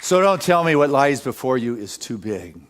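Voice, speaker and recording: A man preaching a sermon, telling a story with lively energy and laughter. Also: medium pitch, normal speed, some chatter behind, a little hiss or hum. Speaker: pastor.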